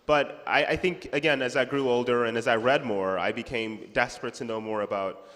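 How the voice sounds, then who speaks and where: A man's voice: medium pitch, a little fast, long reverb tail. A man talking as an author guest in a festival panel conversation, reflective and easygoing. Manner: reflective, animated when retelling memories. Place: festival hall.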